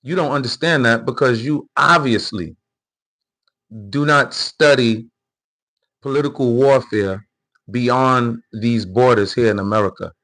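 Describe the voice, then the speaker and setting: A man's voice: medium pitch, a little slow, fairly bright tone. Heated male livestream commentator. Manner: heated, emphatic, repeats words and restarts often; addresses chat readers directly, lecturing. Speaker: political commentary livestream host. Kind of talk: live commentary reacting to clips and chat.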